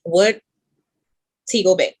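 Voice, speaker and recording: A woman hosting a casual talk show, animated and playful, reading definitions aloud and teasing her guests. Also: on the low side, takes it slowly, slightly rough. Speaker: show host. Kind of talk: casual chat.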